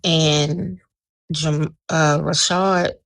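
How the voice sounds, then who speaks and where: A woman with a low, gravelly voice tells a dream to friends on a live video call, acting out each person's lines as she goes. Her voice is pitched low with plenty of fry. The sound is close and dry. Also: drawn-out words, no room sound. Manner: animated storyteller, acting out quoted dialogue. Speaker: live stream guest telling a dream. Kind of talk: casual storytelling chat.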